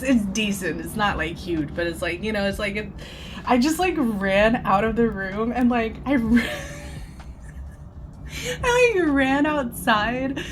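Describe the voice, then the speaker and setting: Slow-talking giggly woman tarot reader. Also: on the high side, slight background noise. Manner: rambling, giggly, filler-heavy. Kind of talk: casual tarot channeling video. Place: at home.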